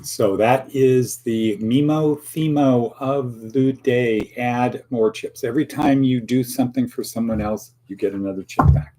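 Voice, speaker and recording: A man's voice: lowish voice, darkish tone, slightly rough. A man hosting a casual daily motivational monologue, rambling with playful asides and acted-out quotes. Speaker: host of a daily motivational talk.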